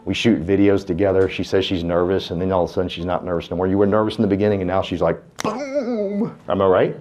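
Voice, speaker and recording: A man's voice: low voice, little pitch movement, racing, darkish tone, slight background noise. A man giving a folksy, fired-up motivational speech to a room of real estate agents, urging them on like a preacher. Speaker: real estate team speaker. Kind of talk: motivational speech to a live audience.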